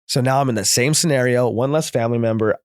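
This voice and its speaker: A man, a therapist in recovery, telling his personal story as a guest in earnest, rapid present-tense bursts. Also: mid-range voice, clean tone, no echo, clean studio sound.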